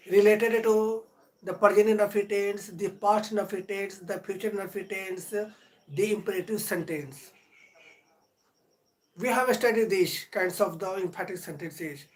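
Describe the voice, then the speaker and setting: A man teaching a live-streamed grammar lesson, lecturing earnestly and deliberately, drawing out key words between long pauses. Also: high-pitched, low-quality recording. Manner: earnest, motivational.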